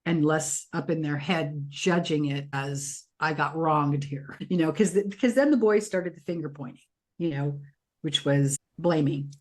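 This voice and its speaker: A woman's voice: sits low, normal speed. A middle-aged woman co-hosting a podcast, chatting casually and telling stories in which she acts out her children's voices. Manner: animated storyteller acting out children's voices. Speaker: podcast co-host. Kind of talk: casual chat.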